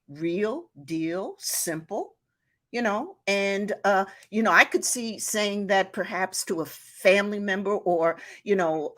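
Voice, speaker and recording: A woman hosts a live advice stream and speaks to her viewers unhurriedly. Her mid-range voice rises and falls a great deal, and she keeps a chatty, encouraging tone. She laughs often and fills her talk with "you know.". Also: medium pitch. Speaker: live show host.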